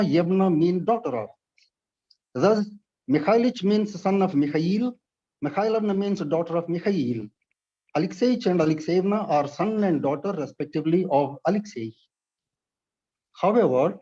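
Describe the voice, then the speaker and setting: A man with a high, mellow voice delivers a measured, precise lecture on pronunciation. He is from India and explains each point carefully. The recording is dull and lo-fi. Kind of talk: read-aloud lecture.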